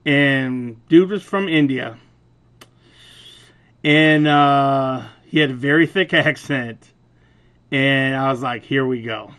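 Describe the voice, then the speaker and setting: A young adult man with a loud, booming voice retells a store argument in a casual, profane, animated way, laughing as he goes. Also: slow pace, long pauses, smooth. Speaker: vlogger. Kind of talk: casual storytelling rant.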